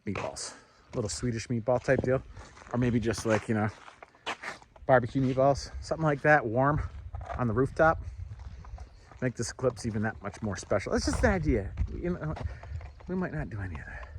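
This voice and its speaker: A man vlogging outdoors while walking his dog, rambling and thinking out loud with fillers, and slipping into high sing-song baby talk when he talks to the dog. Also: expressive, moderate pace, pauses often, noisy background. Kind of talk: casual outdoor vlog chat. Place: outdoors, walking near trees. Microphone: handheld camera.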